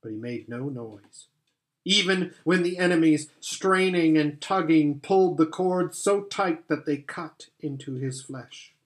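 A male reader narrates a children's novel in an unhurried, careful way, letting each phrase land. His voice sits a touch higher than most men's, and he reads at a slow pace. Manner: slow, deliberate reading. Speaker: audiobook reader. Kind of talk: scripted story narration.

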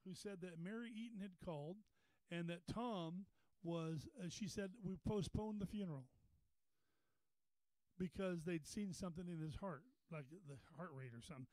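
High-voiced folksy preacher man. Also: moderate pace, darkish tone, no room sound, poor audio. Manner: folksy, repeats words, rises to a preaching pitch. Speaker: pastor. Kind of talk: storytelling sermon. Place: Bible study meeting room.

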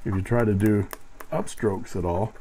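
Male reviewer, deep and mellow, dry wry delivery while demonstrating pens. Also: normal speed, slight background noise, low-quality recording. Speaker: fountain pen reviewer. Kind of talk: product review narration.

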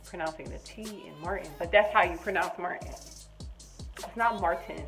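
A young adult woman vlogging a casual storytime, animated and chatty, jumping between loud high bursts and quiet muttered asides. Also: normal speed, soft background music, rough recording.

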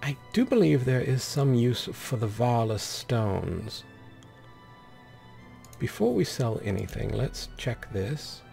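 A man's voice: mid-range voice, sing-song, slow pace, vocal fry, warm tone, soft background music. A man hosting a let's play with commentary, speaking in an affected, pompous persona and calling the game characters darling and dear.

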